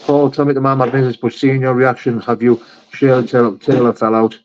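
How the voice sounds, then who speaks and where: A man hosts a casual live chat in a medium-pitched, level, slightly mellow voice, speaking fairly quickly with the highs cut off. He reads viewer messages out and gives blunt, matter-of-fact answers, swearing frequently and using "mate" and "brother".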